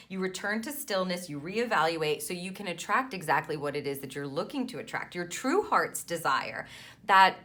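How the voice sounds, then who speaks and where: A woman talks through a monthly spiritual card reading in a soothing, affirming way, often checking in with "right?". Her voice sits a little low but sounds bright and clear. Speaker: tarot reader and intuitive mentor.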